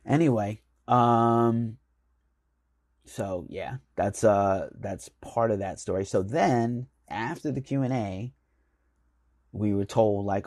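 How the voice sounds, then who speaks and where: A man's voice: lowish voice, slow, darkish tone, dry recording, clean studio sound. A man from the United States, a magazine editor hosting his show, telling a rambling, enthusiastic story full of fillers. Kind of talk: casual storytelling monologue.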